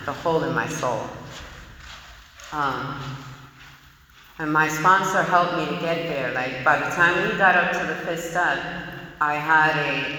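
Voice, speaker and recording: A woman telling her recovery story, frank and conversational, with lots of casual fillers. Her voice is strikingly bright and sharp. It rings out through a roomy hall with a long reverb tail. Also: low-pitched, distant mic, slight background noise. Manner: frank, conversational, many "you know" fillers. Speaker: person sharing a recovery story. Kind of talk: personal testimony talk.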